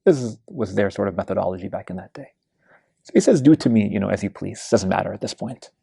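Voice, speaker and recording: A man's voice: on the low side, animated, fast, gravelly, mellow, breathy edge, dry recording, studio quality. A man giving a weekly Quran study lecture, telling stories in a conversational way with many fillers and restarts. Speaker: religious lecturer. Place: mosque lecture hall.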